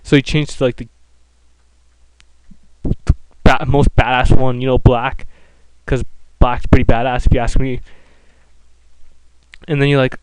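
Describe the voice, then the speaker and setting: A man's voice: medium pitch, little pitch movement, measured pace, pauses often, a little mellow, clean tone, dry recording, poor audio. A man giving casual, sarcastic gameplay commentary, swearing freely and often restarting his sentences. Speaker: let's play commentator.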